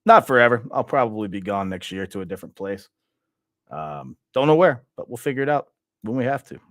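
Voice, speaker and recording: A man's voice: mid-range voice, lively intonation, fairly quick, no room sound, studio quality. A young man from Louisiana hosting a fan channel, venting in an exasperated, repetitive way about his football team. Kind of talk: frustrated football fan monologue.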